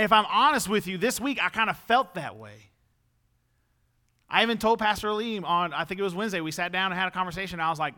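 A man's voice: high-pitched, expressive, quick pace, bright, forceful tone. A young man preaching a sermon in a conversational way, rising to emphatic peaks when he drives a point home.

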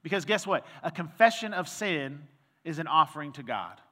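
A man's voice: a little high, animated, normal speed, bright, forceful tone, big-room sound. A male pastor giving a conversational sermon, telling a personal story with quoted dialogue and reading scripture aloud.

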